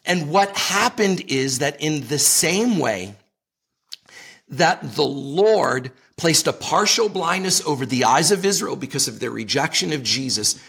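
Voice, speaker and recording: A man with a husky, slightly high voice speaks with earnest conviction. He talks like a preacher in conversation and presses his points with scripture and emphasis. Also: expressive, unhurried, fairly bright tone. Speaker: ministry leader, interview guest.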